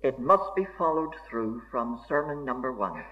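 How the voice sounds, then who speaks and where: A man preaching a sermon in a slow, deliberate and emphatic way, with formal old-fashioned diction. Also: medium pitch, lively intonation. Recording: dull lo-fi recording.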